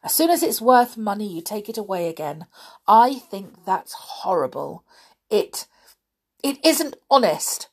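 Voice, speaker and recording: A woman voicing a passionate, fierce young tomboy girl who talks in a shrill, pleading way, near tears. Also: very animated, a little slow, husky, heavily acted. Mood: bitter.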